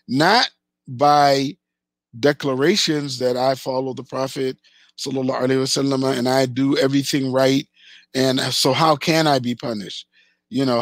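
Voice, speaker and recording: A man's voice: mid-range voice, no echo. A man giving an emphatic religious lecture, repeating phrases for stress and reciting Arabic verses between his English. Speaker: Islamic teacher.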